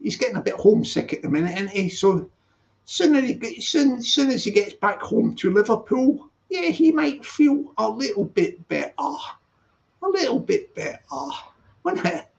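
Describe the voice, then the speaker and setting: A man rambles through a casual live-stream chat, stopping to read the chat and correct himself. His voice sits high and has a gravelly edge. The recording sounds dull and lo-fi. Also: sing-song, moderate pace, a little mellow. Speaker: channel host.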